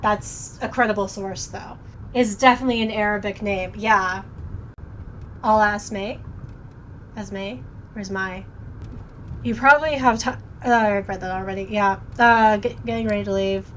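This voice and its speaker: A woman's voice: medium pitch, steady tone, moderate pace, a bit bright, slight background noise, poor audio. A woman streamer chatting casually while playing and reading a story game aloud, often stumbling over names and correcting herself. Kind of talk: casual let's-play commentary and reading.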